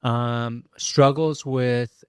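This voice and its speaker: A man hosting a podcast interview, speaking in a thoughtful, measured way with frequent pauses. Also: medium pitch, fairly even intonation, darkish tone, clear, resonant tone, no room sound, clean studio sound. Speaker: podcast host. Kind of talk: interview conversation.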